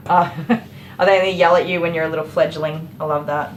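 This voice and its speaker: A woman's voice: low-pitched, fairly even intonation, quick pace, slight background noise. A woman who is a dog groomer, chatting casually on a livestream while she works and answering viewers by name. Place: grooming salon, indoors.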